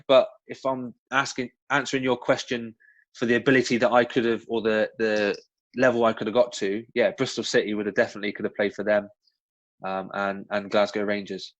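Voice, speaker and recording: A man with a West Country accent tells stories in a loose, chatty way, full of ums and little restarts. His voice sits at a middling pitch. The recording sounds a bit dull and lo-fi. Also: no room sound. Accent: West Country English. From West Country of England. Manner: chatty, frequent ums and restarts, animated storytelling. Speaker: guest, former professional footballer. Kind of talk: casual interview answers with anecdotes.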